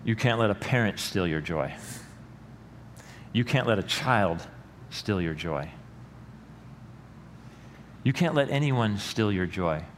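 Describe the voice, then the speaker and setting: A middle-aged male pastor preaching a sermon in a church, earnest and rising to loud emphatic peaks. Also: lowish voice, lively intonation, takes it slowly, long pauses. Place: church sanctuary. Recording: long hall reverb with faint room noise.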